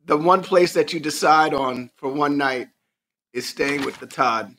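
A man co-hosting a rewatch podcast, relaxed and loose, tossing in "dude.". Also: a little high, unhurried. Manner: relaxed, says dude a lot. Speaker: podcast co-host. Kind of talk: casual rewatch chat.

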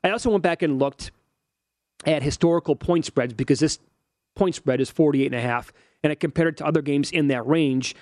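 Slightly high and darkish, the man speaks fairly quickly with no echo. He's in his forties and co-hosts a sports betting show, running through odds and stats in a casual, analytical chat.

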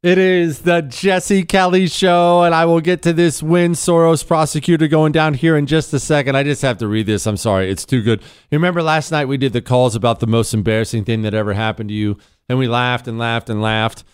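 A man's voice: medium pitch, fairly even intonation, fairly quick, hardly any pauses, clean tone, no room sound. Blunt man hosting talk radio, dry sound. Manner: blunt, emphatic, sarcastic. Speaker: radio talk show host. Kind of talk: opinionated talk radio monologue.

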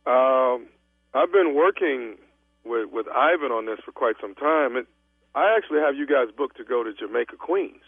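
A man on a phone call posing as a travel agent, calm but stammering and stubborn. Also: mid-range voice, moderate pace, breathy edge, dry recording, soft background music. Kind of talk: radio prank call. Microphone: telephone. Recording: tinny dry phone line.

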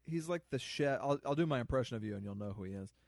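A man's voice: mid-range voice, expressive, fast talker, gravelly, no room sound, clean studio sound. A man co-hosting a casual film commentary podcast, a joking storyteller who slips into silly voices. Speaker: podcast co-host.

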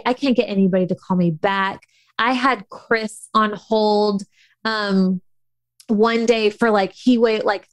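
A woman's voice: mid-range voice, no echo. A woman telling a personal story in a chatty, casual way, full of fillers and acted-out thoughts. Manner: chatty, many fillers, acts out her own past thoughts.

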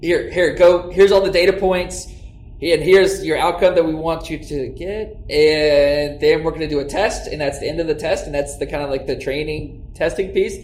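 A man's voice: a little high, steady tone, moderate pace, darkish tone. A man, a tech company co-founder, explaining his business in an interview and often restarting his sentences. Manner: stammers on starts, talks through explanations. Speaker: tech startup co-founder and CEO. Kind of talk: conversational interview. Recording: echoey room with faint noise.

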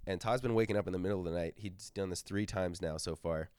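A young man with a fairly low voice tells stories in relaxed podcast chat. He laughs often and bursts into loud impressions when quoting. The sound is dry and close. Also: quick pace, clean tone, dry recording. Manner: laughs often, acts out quotes loudly. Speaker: podcast host. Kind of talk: casual storytelling chat.

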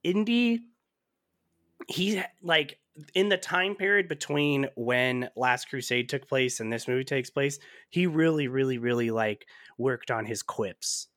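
A man hosting a casual movie-review podcast, animated and laughing often, with plenty of fillers. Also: medium pitch, unhurried, no room sound, clean studio sound. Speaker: podcast host.

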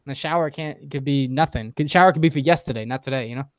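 A man's voice: medium pitch, quick pace, no room sound. A young man joking and telling stories in casual podcast chat, heavy on slang.

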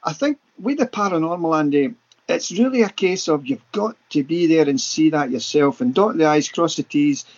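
A man's voice: a little high, animated, moderate pace, darkish tone, breathy edge, muffled recording. A Scottish man in his sixties, a podcast guest telling paranormal stories with enthusiasm and vivid repetition. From Scotland. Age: 60s. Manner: enthusiastic, vivid, repeats words for emphasis. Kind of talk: animated anecdotal storytelling.

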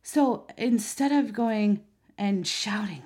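A woman's voice: medium pitch, a little slow, a little mellow, breathy edge. A woman in her thirties, a mother, talking earnestly to camera in a conversational way, with many fillers and restarts. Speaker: mother and vlogger.

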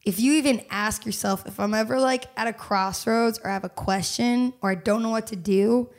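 A young woman chatting as a podcast guest, bubbly and quick to laugh, her talk full of "like" and "you know". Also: fairly high pitch, steady tone. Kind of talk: casual podcast conversation.

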